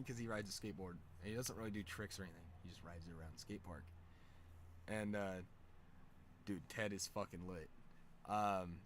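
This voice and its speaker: A young man streaming, telling a rambling casual story with lots of slang and fillers, laughing often. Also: slight background noise. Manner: excited, louder and higher when amused.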